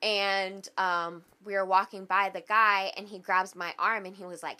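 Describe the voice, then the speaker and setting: A woman tells a personal story on a casual podcast, her voice bright and sharp at a middle pitch. She talks loosely, filling her sentences with "like" and "you know what I mean". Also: fairly even intonation, normal speed. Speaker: podcast co-host.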